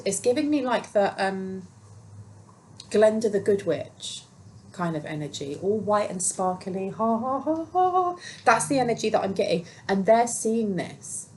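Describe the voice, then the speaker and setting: A woman with a mid-range, somewhat dark voice gives a casual tarot reading for a general audience, rambling with plenty of fillers and muttering to herself as she handles the cards. The audio is poor, with a slight background noise.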